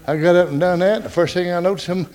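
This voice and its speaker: A male pastor preaching a folksy, joking, animated sermon. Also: high voice, fast talker.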